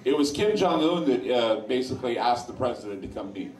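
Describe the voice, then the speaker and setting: A man's voice: medium pitch, animated, a little fast, a little mellow. Blunt man talking to a bar crowd. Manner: blunt, opinionated, with crude asides. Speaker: radio host speaking to a live audience. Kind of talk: informal talk to a bar crowd. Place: sports lounge in front of an audience. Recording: echoey room, voice far from mic.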